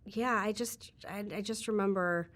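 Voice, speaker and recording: A woman's voice: medium pitch, fairly even intonation, normal speed. A woman giving a candid, reflective interview, talking casually with frequent "like" fillers. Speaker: interview guest.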